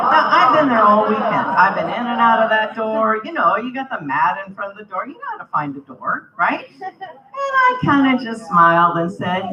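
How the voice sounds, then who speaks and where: At a convention banquet, a woman delivers a funny speech in a fairly high, sing-song voice that sounds pushed and bright, at a normal speed. She tells a story and acts out the other characters' lines. The hall recording is roomy, distant, and a bit dull.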